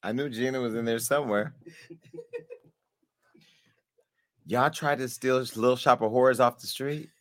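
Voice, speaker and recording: A man hosting a call-in talk show, joking and animated as he chats and laughs often. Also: medium pitch, a little fast. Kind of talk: casual chat.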